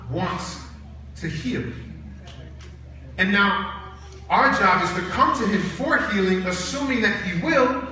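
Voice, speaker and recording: A man's voice: sits high, slight background noise. A man preaching a college chapel sermon, telling stories animatedly and acting out the voices in them. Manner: animated storytelling with acted-out voices. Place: large chapel hall. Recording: echoey hall, heard from a distance.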